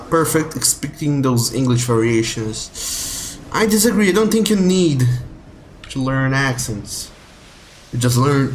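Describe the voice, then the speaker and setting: A male streamer giving live gameplay commentary at an unhurried pace. He gets excitable, swears at the game, and chats with viewers. A faint hiss runs behind his voice. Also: mid-range voice.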